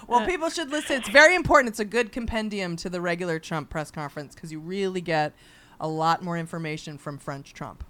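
A woman co-hosting a comedy podcast, chiming in with quick agreement and laughter. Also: on the low side, background noise. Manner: quick agreeing interjections and giggles. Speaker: podcast co-host. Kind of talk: casual podcast chat.

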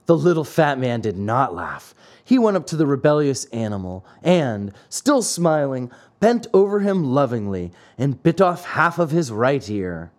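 A man narrating a classic fairy-tale audiobook with an expressive storytelling delivery. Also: mid-range voice, unhurried.

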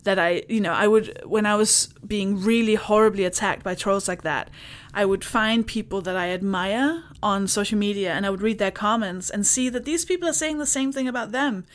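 Woman on a podcast, mid-pitch voice, dry and blunt, talks it through casually. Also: normal speed, hardly any pauses. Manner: candid, dry and sardonic, laughing through stories. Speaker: podcast guest. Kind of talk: casual chat.

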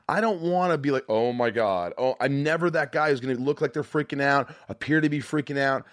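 A man's voice: on the high side, steady tone, fast, fairly bright tone, no room sound, clean studio sound. A man hosting a podcast, talking frankly and emotionally in a rambling, profane way. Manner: rambling with many restarts and fillers. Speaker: podcast host. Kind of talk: casual candid chat.

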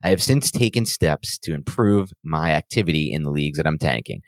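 A man co-hosting a podcast, talking in casual banter that is emphatic and animated, with defensive rants. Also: very deep voice, brisk, no echo. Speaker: podcast co-host.

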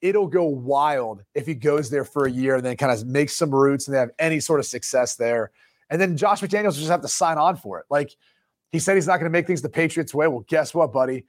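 A man's voice: fairly high pitch, fairly quick. A man in his thirties co-hosting a sports talk show, telling a rambling story in casual chat and laughing mid-sentence. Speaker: co-host.

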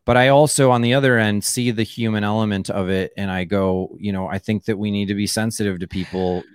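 A male comedian guest with a lowish, smooth and resonant voice. He rambles in casual chat, padding every thought with "like" and starting over, and the sound is dry and close. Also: fairly even intonation, fairly quick, dry recording. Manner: rambling, full of "like" and restarts.

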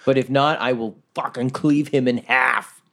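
A man's voice: mid-range voice, steady tone, a little slow, gravelly, fairly bright tone. A man playing a tabletop game, describing his barbarian's rage in a rowdy, laughing way. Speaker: player. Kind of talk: casual tabletop play.

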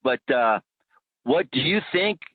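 A man calling in to a radio show, speaking in an earnest, deliberate way with deadpan sarcasm. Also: medium pitch, no room sound. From United States. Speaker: caller. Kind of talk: phone-in call. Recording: tinny phone line.

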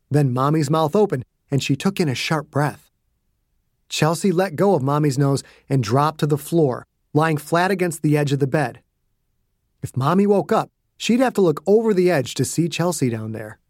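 A man who is the author, narrating his audiobook in a hushed, suspenseful way. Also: on the high side, dry recording, studio quality.

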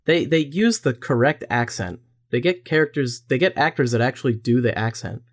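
A man with a mid-range voice co-hosts a relaxed podcast about musicals. He talks in an easygoing, slightly halting way, with repeated starts and dry quips. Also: medium pitch. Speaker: podcast co-host. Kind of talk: casual chat.

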